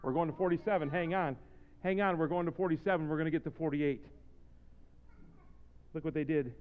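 A man preaching a sermon as pastor, swinging from low, joking asides to shouted exhortations in plain-spoken language. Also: a little fast. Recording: reverberant, slightly dull hall recording.

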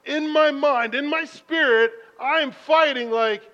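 A man with a high voice preaches in a church sanctuary. He tells his stories in a chatty, self-deprecating way and now and then breaks into loud bursts. The sound is muffled, with a long hall echo. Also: slow pace. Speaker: pastor. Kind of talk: sermon. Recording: muffled reverberant hall recording.

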